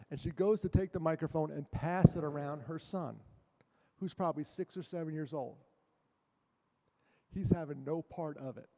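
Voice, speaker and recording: Man, guest speaker, animated storyteller, mellow slightly high voice, long hall reverb. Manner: animated, self-mocking storyteller with jokes. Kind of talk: storytelling talk to a church audience. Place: church hall.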